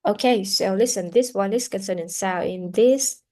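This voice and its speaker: A woman teaching English pronunciation in a classroom lesson, explaining deliberately and often restarting her sentences. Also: medium pitch, darkish tone.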